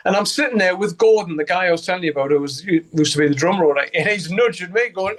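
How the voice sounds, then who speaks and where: A man's voice: high-pitched, lively intonation, fairly quick. An older man from Newcastle with a Geordie accent, a guest musician telling stories in a casual interview. He swears freely, laughs often and acts out the voices of people in his stories. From Newcastle, England.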